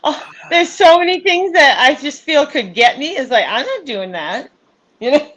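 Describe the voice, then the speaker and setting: A woman co-hosting a livestream in casual chat, chatty and quick to laugh, reading out viewer comments. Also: high voice, big pitch swings, a bit bright, rough recording. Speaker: livestream co-host.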